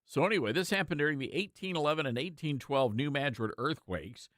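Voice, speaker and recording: A man's voice: on the high side, animated, a little fast, fairly bright tone, dry recording, studio quality. A man hosting a talk show, chatting casually and joking with laughing asides. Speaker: host.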